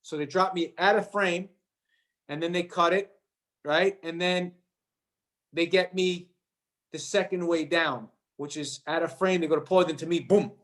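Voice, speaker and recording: A man with a slightly raised pitch tells an animated story as a guest. He jumps into the voices of others in his tale and often stumbles over and repeats his words. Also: unhurried, long pauses. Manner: lively anecdote-telling, acts out quoted voices, repeats words. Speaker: actor guest.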